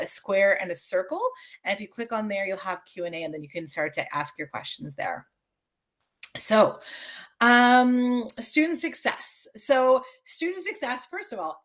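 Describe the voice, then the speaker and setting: A woman's voice: mid-range voice, sharp tone. A woman with a Canadian English accent, a school board facilitator giving a friendly, chatty presentation on a video call, with many fillers and restarts. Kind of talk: virtual information session presentation.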